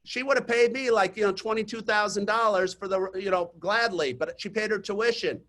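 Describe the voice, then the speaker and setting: A man coaching real estate agents in a webinar, telling chatty stories to the audience and pitching his program. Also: normal speed, fairly bright tone. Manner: chatty storytelling, talks straight to the audience. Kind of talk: webinar presentation with sales pitch. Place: online webinar.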